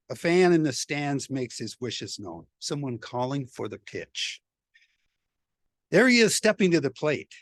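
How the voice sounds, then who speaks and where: A man reading his own poem at a library reception, with halting chat first and then a chanted, repetitive delivery that builds to shouting. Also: high-pitched, no echo. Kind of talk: performed poetry reading. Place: university library gallery reception.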